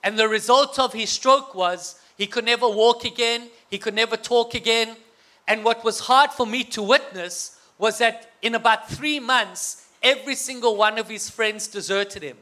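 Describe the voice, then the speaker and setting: A man's voice: very high-pitched, normal speed, bright, forceful tone. A man with a South African accent telling a humorous personal story to an audience, getting the crowd to call back. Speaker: guest speaker.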